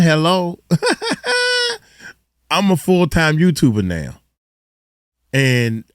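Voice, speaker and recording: An animated man gives casual reaction commentary, his pitch swinging widely as he lectures in a loose, colloquial style. The recording is dry and close, with no room sound. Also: no echo. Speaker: host reacting to a video.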